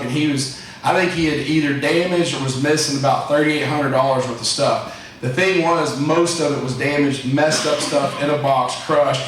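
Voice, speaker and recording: A man's voice: medium pitch, slight background noise. A man giving a rambling, folksy motivational talk to his staff as company president. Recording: echoey room, distant mic.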